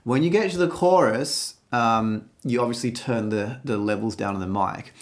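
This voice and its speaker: A woman's voice: very deep voice, moderate pace. A woman vocal coach explaining singing technique in a reaction video, breaking into sung examples. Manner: explains and demonstrates with sung snippets.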